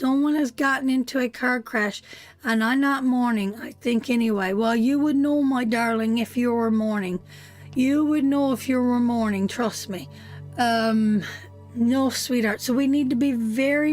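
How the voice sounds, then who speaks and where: A woman giving a live tarot reading, emotive and calling the viewer sweetheart and honey. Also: high voice. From Canada. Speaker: tarot reader.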